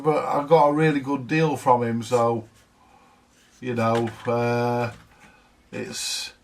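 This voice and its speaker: A vintage audio repair vlogger chats to the camera about a repair job in casual workshop talk, rambling with plenty of fillers and the odd swear word. His mid-range voice is gravelly and darkish, picked up by a distant mic.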